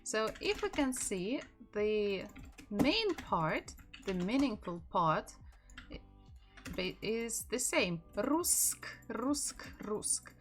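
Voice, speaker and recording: A woman with a Russian accent teaching her native language in a live-streamed lesson, repeating words slowly for practice. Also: mid-range voice, sing-song, soft background music.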